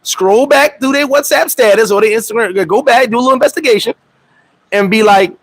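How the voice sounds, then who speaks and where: A man hosting a casual livestream chat, animated and laughing, telling stories with profane street slang and acting out quotes in high voices. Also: fairly quick, dry recording, low-quality recording. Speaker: host. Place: Dominican Republic.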